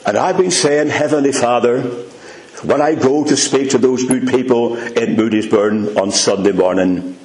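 A man from Northern Ireland, with a Northern Irish accent, preaches a sermon in an earnest, emphatic manner, speaking directly to his listeners as "dear friends." His mid-range voice has a darkish tone and moves at normal speed, and the sound is reverberant.

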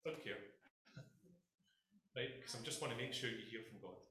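A Scottish man preaching with urgent emphasis, his voice bright and forceful. He speaks straight to the people in front of him and keeps checking that they follow. The sound rings around a reverberant church hall. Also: medium pitch, normal speed, slight background noise. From Scotland. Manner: impassioned, emphatic, addresses congregation directly. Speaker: pastor. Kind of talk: sermon.

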